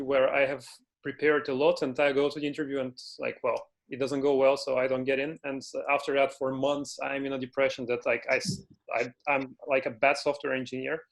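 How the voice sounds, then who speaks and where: A software engineer on a panel, speaking casually and haltingly with frequent restarts over a video call. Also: male voice, medium pitch.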